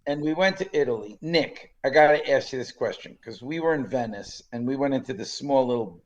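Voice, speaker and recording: A man in his sixties co-hosting a podcast, telling stories in a lively, chatty way and laughing often. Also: medium pitch, brisk, muffled recording. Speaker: podcast co-host. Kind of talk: casual chat.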